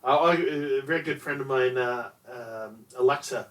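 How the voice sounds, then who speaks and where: A man, a theater director, hosting an interview and talking in a relaxed, reflective way about acting. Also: medium pitch, unhurried, far from the mic. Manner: relaxed, reflective, frequent uh fillers. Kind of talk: casual interview chat.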